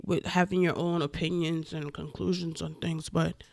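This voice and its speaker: A woman vlogger giving casual opinion commentary, animated and profane, with emphatic outbursts. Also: deep voice, moderate pace, creaky, a little hiss or hum.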